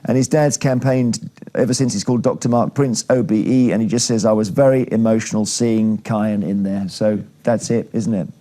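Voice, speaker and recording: A man's voice: lowish voice, fairly even intonation, moderate pace, mellow. A man hosting a TV panel chat, leading the talk in a chatty, jokey way. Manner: chatty, jokey, leads the discussion. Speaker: TV talk show host.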